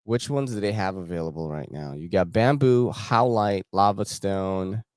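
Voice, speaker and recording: A young man with a lowish voice talks in loose, slangy banter and laughs easily as he hosts a casual gear show. He sounds close to the mic in a dry room with no echo. He speaks in an unhurried way, like chatting with friends. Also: a little mellow, clear, resonant tone. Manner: laid-back slangy banter, laughs often. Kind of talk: casual chat while browsing a website.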